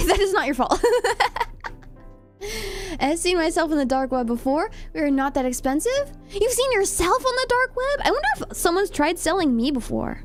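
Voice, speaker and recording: A young woman streamer chatting casually with viewers, reading chat aloud and giggling often while she does her nails. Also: high-pitched.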